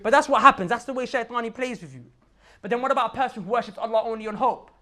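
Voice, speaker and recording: A man's voice: very high-pitched, rapid-fire, sharp tone. Man preaching in casual slang. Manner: conversational slang, emphatic rhetorical questions. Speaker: Islamic preacher. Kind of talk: casual religious reminder talk.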